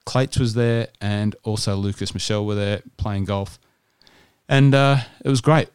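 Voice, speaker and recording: Chatty Australian man, lowish dry voice. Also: fairly even intonation, a little slow, a little mellow, clean tone, no room sound. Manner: chatty storytelling with restarts. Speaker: podcast co-host. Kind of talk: casual chat.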